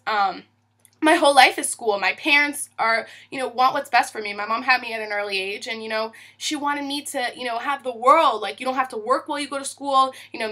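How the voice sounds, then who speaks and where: A woman's voice: fairly high pitch, pushed and bright. A woman in her twenties casually telling a long personal story in a vlog, rambling with many fillers and acted-out quotes. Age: 20s. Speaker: vlogger.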